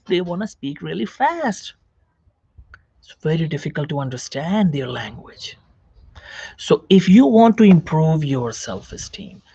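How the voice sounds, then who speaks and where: In this direct-to-camera self-help lecture, a doctor sitting in a chair repeats phrases and asks the viewer questions about psychology. His high voice is warm and husky with lively intonation and an unhurried pace. There's no room sound, and the highs are cut off.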